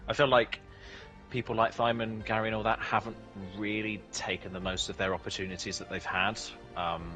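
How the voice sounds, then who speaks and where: A man's voice: on the low side, flat delivery, brisk, pushed and bright, soft background music, low-quality recording. A man in a post-race interview as the championship leader, talking casually and laughing between answers. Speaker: racing driver, championship leader.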